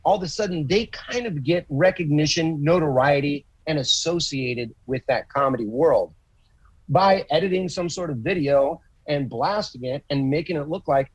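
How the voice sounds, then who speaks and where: A man chatting on a podcast, telling stories with swearing and lively acted-out quotes. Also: fairly high pitch, normal speed, breathy edge, no room sound, highs cut off. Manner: profane, animated storytelling with acted quotes. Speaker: comedian guest. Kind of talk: casual podcast chat.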